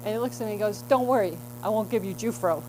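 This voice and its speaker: A woman's voice: mid-range voice, fast talker, noisy background. A middle-aged woman telling a rambling, chatty story in a stand-up set at an open mic.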